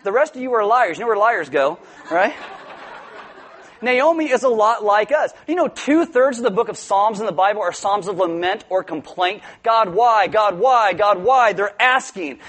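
A male pastor with a notably high voice delivers a sermon. He talks to the congregation in a loose, joking way and now and then breaks into loud outbursts. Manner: joking, conversational preaching with sudden loud outbursts. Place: church before a congregation.

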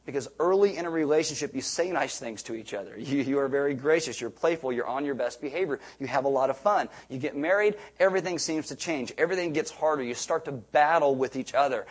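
A middle-aged pastor delivers a sermon in a relaxed, conversational way, often stopping to restart a phrase. His voice sits slightly high for a man and has a breathy, husky grain. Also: fairly quick, hardly any pauses, low-quality recording. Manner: conversational preaching with asides and restarts.

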